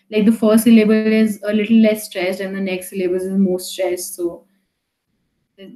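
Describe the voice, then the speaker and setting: In an echoey room, a young woman with an Indian accent gives an online poetry lesson, her medium-pitched voice a little mellow. She tutors her student casually and chattily, mixing Hindi into her English, with plenty of fillers and restarts.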